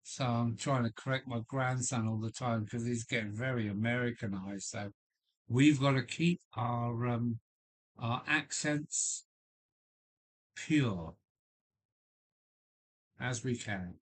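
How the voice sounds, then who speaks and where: An older man from Kent with a Kent accent, chatting casually and rambling on a livestream. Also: mid-range voice. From Kent, England. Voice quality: slow and rambling, with frequent restarts and fillers. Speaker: livestream host. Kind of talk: casual chat. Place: home loft.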